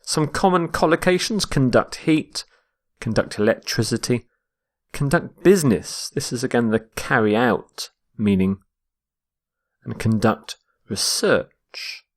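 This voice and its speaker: A man teaching English vocabulary, explaining each word slowly and repeating it to show where the stress falls. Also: mid-range voice. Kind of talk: slow, explained vocabulary lesson.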